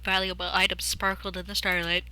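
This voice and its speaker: Bright-voiced streamer woman. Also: lowish voice, flat delivery, a little fast. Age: young adult. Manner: jokey, chatty asides. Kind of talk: reading a game aloud while chatting.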